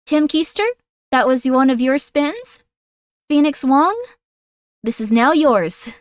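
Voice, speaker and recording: A woman's voice: high voice, expressive, takes it slowly. A woman chatting casually on a livestream, bubbly, apologetic and a little scattered. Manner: bubbly, apologetic, easily distracted.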